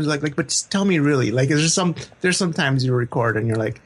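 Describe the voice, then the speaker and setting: A man talking as a podcast guest in casual chat, relaxed and laughing easily, often restarting his words. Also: a little high, brisk.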